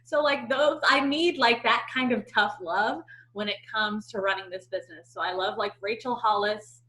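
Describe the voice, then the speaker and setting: A woman talking casually on a team coaching call, chatty and filled with "like," sliding into animated voices when she quotes people. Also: medium pitch, normal speed, poor audio. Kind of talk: casual chat.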